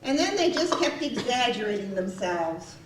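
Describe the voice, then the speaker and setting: A woman's voice: medium pitch, sing-song, moderate pace, background noise, close to an everyday voice. A woman acting a gossipy young housemaid in a stage play, retelling a quarrel and acting out each voice. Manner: breathless gossip, acts out each quoted voice. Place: small community theater stage. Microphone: far-off room mic. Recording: roomy stage sound from far off.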